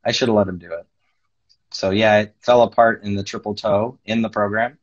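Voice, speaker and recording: Husky-voiced man, lo-fi call audio. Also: lowish voice, fairly quick. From North America. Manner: animated storyteller, acts out quoted voices. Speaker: skating judge and former pair skater. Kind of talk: casual interview chat.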